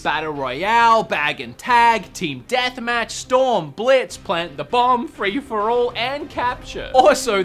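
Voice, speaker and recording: A man hosts a casual gaming video, tossing in sarcastic jokes and chuckling at himself. His bright voice swoops up and down in pitch, with soft music playing underneath. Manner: joking, sarcastic asides, laughs at own jokes. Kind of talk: casual gaming list commentary.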